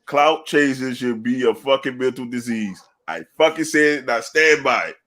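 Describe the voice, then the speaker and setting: A man's voice: medium pitch, normal speed. A man hosting a casual sports podcast, swearing freely and laughing through his jokes. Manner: profane, laughs often, animated storytelling. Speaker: podcast host.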